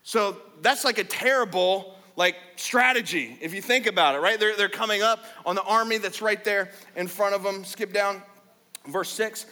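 A man preaching a sermon as pastor, energetic and conversational, with casual fillers. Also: sits high, fairly quick, in a large hall.

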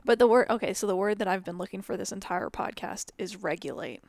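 A woman co-hosting a podcast talks in a mid-range voice, frank and animated. She acts out her own past lines while she talks. The recording is dry and close. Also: medium pitch, fast talker, vocal fry, dry recording. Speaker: podcast co-host. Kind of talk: casual chat.

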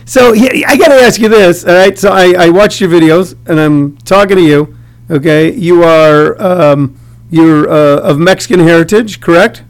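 A high-voiced middle-aged man hosting a talk show. He rambles and jokes his way through questions, restarting sentences often. His tone stays light and chatty. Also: moderate pace. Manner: rambling, jokey, many restarts. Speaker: radio host interviewing comedians. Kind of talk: casual interview chat.

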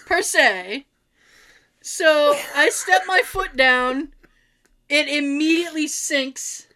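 A woman telling a funny story in a casual chat, animated and laughing often. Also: high voice, slow.

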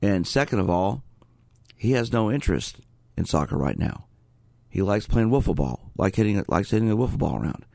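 A male sports psychologist hosts a call-in radio show from the studio, his voice very low and gravelly. He talks in a steady, conversational way, and the sound is close and dry with no room around it. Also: moderate pace, dry recording.

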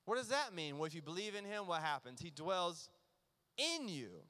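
A man preaching a sermon as pastor, earnest and emphatic, sometimes dropping to a near hush. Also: high voice, very animated, normal speed. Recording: long reverb of a large hall.

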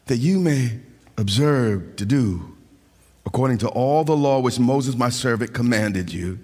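A man preaching a sermon with passion, moving between shouting and a sing-song preaching cadence, with a husky voice. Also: medium pitch, lively intonation, unhurried. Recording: long reverb of a large hall.

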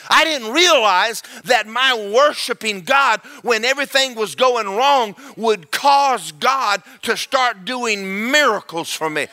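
A man preaching a sermon through a story, fast and animated, rising into shouted praise. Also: extremely high pitch.

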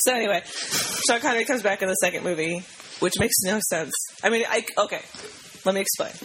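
A woman's voice: mid-range voice, quick pace, a bit bright, a little hiss or hum, poor audio. A young woman co-hosting a podcast, casually recapping a movie in a rambling, enthusiastic way full of fillers. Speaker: podcast co-host.

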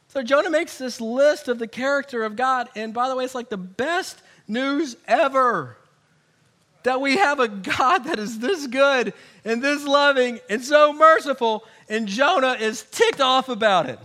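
A middle-aged man, a married pastor, preaching a sermon with animated swings from hushed to loud as he acts out the voices he quotes. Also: very high voice, moderate pace.

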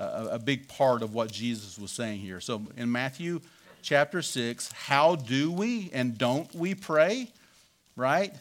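A man's voice: medium pitch, a bit bright. A man preaching a conversational sermon as pastor, often tagging lines with "right?" and "you know".

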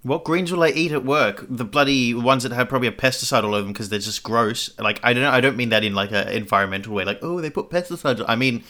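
Aussie guy cracking jokes in a casual chat, bright sharp voice. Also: medium pitch, fast, few pauses. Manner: joking, animated, slips into silly put-on voices. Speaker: podcast co-host.

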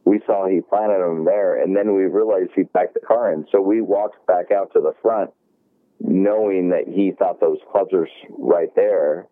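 A man's voice: sits low, moderate pace, no room sound. A man casually telling a work story, acting out the dialogue and swearing freely. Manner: animated retelling, acts out dialogue, swears. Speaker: golf shop worker. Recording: dry, tinny phone-like sound.

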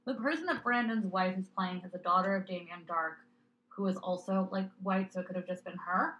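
Sardonic bright podcast co-host, woman's pitch. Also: slight background noise, low-quality recording. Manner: sardonic, profane, fast tangents. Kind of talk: casual fan podcast chat.

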